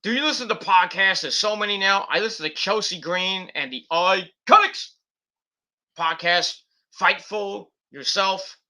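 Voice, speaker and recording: A man's voice: sits high, a little slow, pushed and bright. A man giving a casual, rambling wrestling review monologue, full of fillers and restarts.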